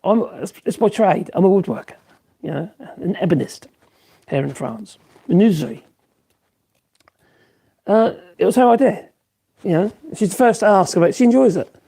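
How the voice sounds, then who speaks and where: A Norfolk man in his fifties chats casually on a woodworking livestream, answering viewers and rambling with plenty of fillers and restarts. His high, animated voice is gravelly, mellow and slightly rough, moving at a moderate pace with long pauses.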